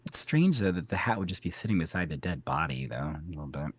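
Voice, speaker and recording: Low-voiced, expressive male podcast co-host. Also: quick pace. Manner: wry, quipping commentary. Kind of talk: casual chat about a TV episode.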